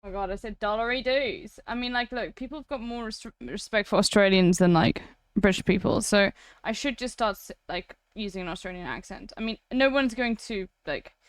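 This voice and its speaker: A young South African woman with a South African accent, casually chatting to her live-stream viewers, blunt and quick to swear. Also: medium pitch, clear, resonant tone, no room sound, clean studio sound. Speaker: livestreamer.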